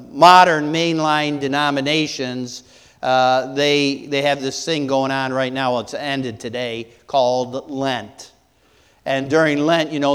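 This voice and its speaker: A man preaching a sermon as pastor, halting with many fillers and restarts and asking the congregation rhetorical questions. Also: mid-range voice, clear, resonant tone, in a large hall.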